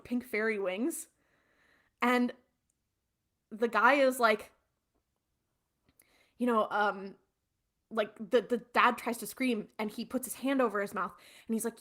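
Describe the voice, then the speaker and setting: A woman's voice: on the high side, slow, pauses often, a bit bright. A woman podcast co-host, retelling a TV episode in a rambling, casual way with lots of fillers. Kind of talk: casual recap chat.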